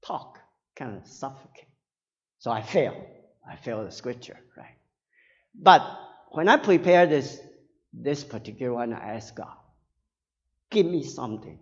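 Slow, earnest male preacher in a reverberant hall. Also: medium pitch. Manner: halting, earnest, tags phrases with "right?". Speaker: pastor. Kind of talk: sermon. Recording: dull sound with long hall reverb.

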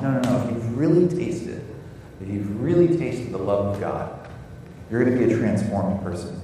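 A man's voice: mid-range voice, moderate pace, dark tone, slight background noise. A middle-aged American man preaching a sermon in earnest, often repeating words as he searches for phrasing. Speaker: pastor. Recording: echoey hall from far off.

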